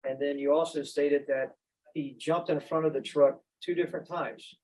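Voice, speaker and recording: A man's voice: on the high side, fairly even intonation, moderate pace, darkish tone, rough recording. A man acting as prosecutor, cross-examining a defendant in a courtroom with methodical questions.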